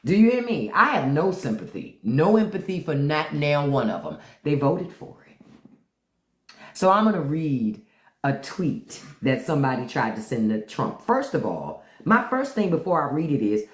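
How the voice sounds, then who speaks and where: A blunt livestream host rants in profane, unfiltered commentary. The pitch swings widely as they talk, and the voice echoes in a roomy space. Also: big pitch swings, normal speed. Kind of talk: unscripted live-stream commentary. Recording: roomy echo.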